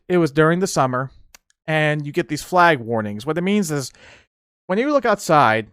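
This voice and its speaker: A young man from the United States hosting a podcast, telling stories in a casual, animated way and often laughing. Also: a little high, clean tone, dry recording, studio quality. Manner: animated, laughs often, acts out yelling drill instructors. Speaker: podcast host. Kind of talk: casual solo storytelling.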